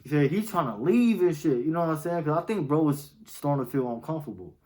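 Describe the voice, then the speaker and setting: A man's voice: on the high side, animated, fast, dark tone, low-quality recording. A young man, telling a story in casual, slang-heavy talk and often asking "you feel me.". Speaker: storytime vlogger.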